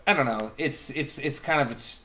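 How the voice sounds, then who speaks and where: A man co-hosting a gaming podcast, talking in a relaxed way with plenty of filler words. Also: medium pitch, normal speed, a little hiss or hum. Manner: relaxed, lots of fillers and agreeing murmurs. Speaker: podcast co-host. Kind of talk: casual gaming chat.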